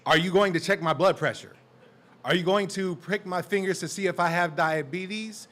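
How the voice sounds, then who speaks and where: A man from Portland, Oregon performing a defiant, profane spoken word poem at an open mic, his voice building to shouted lines. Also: high voice, normal speed. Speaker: performing poet. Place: live open mic in a community center.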